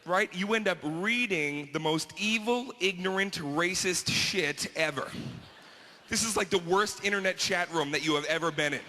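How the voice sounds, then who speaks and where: A man's voice: sits high, normal speed, pushed and bright, big-room sound, a little hiss or hum. A man performing crude, exasperated observational stand-up comedy.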